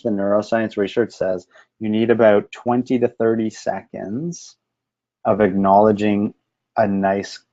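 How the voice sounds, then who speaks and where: A man presenting a webinar in a gentle, conversational way, with frequent ums and restarts. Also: on the low side. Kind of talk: informal teaching talk. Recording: dull lo-fi webinar audio.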